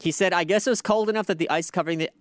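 Male podcast host, sardonic ranter, swears freely, slightly high voice, dry close mic. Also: very fast, no room sound. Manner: sardonic, profane, animated rants. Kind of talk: casual commentary.

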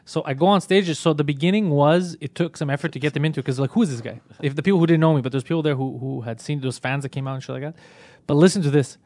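Fast-talking, profane comedian telling stories. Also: male voice, fairly high pitch, no echo. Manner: profane, animated storytelling. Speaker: podcast host; stand-up comedian. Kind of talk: casual chat.

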